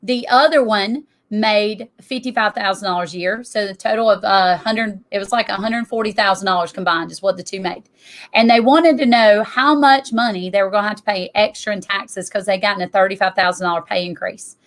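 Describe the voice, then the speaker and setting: A middle-aged woman giving an energetic, emphatic presentation to an audience as a tax business owner. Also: medium pitch, a little fast.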